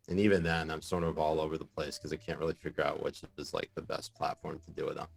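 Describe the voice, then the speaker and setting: In a low, gravelly voice, a journalist tells stories during a relaxed podcast interview. He's animated, peppering his talk with fillers and breaking into laughter.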